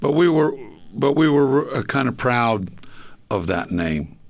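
Gravelly older man reminiscing. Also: medium pitch, sing-song, unhurried. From Southern California. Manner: rambling, many fillers and restarts. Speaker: interview guest, singer. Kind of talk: relaxed reminiscing.

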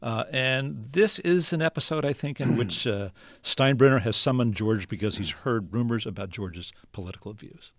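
A male radio interview host, speaking in a measured way as he sets up clips and asks questions. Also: mid-range voice, no echo, clean studio sound.

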